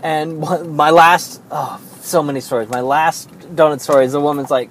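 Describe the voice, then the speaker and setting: A man's voice: on the high side, normal speed, rough recording. A man telling rambling, profane, exasperated stories in a casual monologue, talking in a car. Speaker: vlogger telling work stories.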